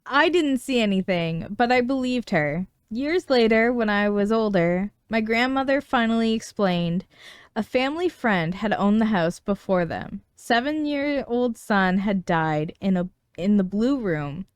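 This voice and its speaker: Casting: woman podcast host, smooth clear voice, dry close mic, casual storyteller. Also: medium pitch, lively intonation, measured pace, dry recording. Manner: storytelling with frequent laughs. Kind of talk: casual chat reading a listener story.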